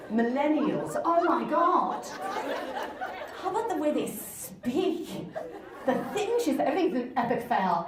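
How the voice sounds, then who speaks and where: A woman in her forties performing a stand-up comedy set, animated and mocking slang in exaggerated voices. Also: mid-range voice. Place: comedy night in a live venue with audience. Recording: echoey room, loud crowd laughter and noise.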